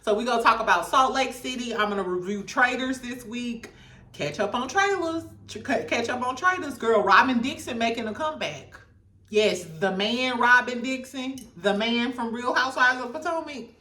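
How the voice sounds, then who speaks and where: A bright, high-pitched woman gives casual reality TV commentary with lots of laughter and swearing. She sits back from the mic in an echoey room. Her talk is animated and loose. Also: moderate pace, far from the mic. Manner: animated, profane, laughs often. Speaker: show host.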